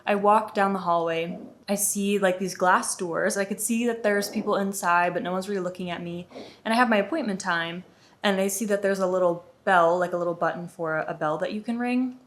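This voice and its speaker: A woman's voice: mid-range voice, a little fast. A young woman from the United States chatting through an exasperated storytime vlog, with lots of "like". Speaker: vlogger. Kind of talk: casual storytime.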